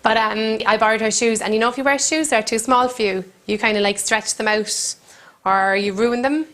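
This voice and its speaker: A woman comedian with a Cork accent hosting a comedy cooking show, telling rambling deadpan stories with giggles in between. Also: a little high, fairly quick, soft background music. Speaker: comedian host. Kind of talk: deadpan comic monologue. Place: country kitchen.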